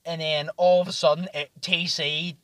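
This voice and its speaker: A young man with a fairly high voice spins loose, sweary anecdotes on a podcast, often breaking into laughter. The sound is dry and close, with no room around it. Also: flat delivery, moderate pace, fairly bright tone, no echo. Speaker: podcast host. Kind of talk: casual storytelling chat.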